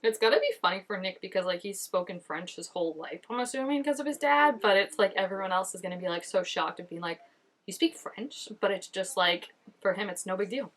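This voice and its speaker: A chatty woman talks through a show she is watching. Her voice sits at an ordinary middle pitch, and she keeps up a loose, animated flow full of filler words. It sounds like a casual home recording on a camera mic. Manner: chatty, animated, many "like" fillers, quick laughs. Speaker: reaction video host. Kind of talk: casual reaction commentary. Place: indoors at home, changing daylight.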